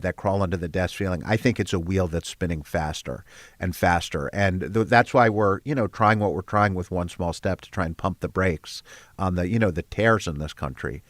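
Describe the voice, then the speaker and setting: An older guest who runs a storytelling nonprofit shares earnest stories during a conversational interview, full of fillers and restarts. His voice is fairly low in pitch and a bit bright, with no room sound.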